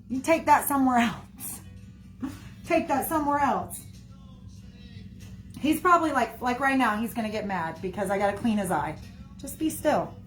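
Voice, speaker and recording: A livestreamer with a somewhat high voice chats casually with her viewers, rambling loosely. She leans heavily on "like" and "y'all," while faint music plays in the background.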